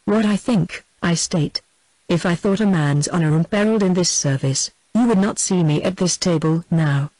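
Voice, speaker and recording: A narrator reading the lines of a calm, measured gentleman in an audiobook, dry and close. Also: mid-range voice, dry recording, lightly acted, rough recording. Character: calm, stern male gentleman.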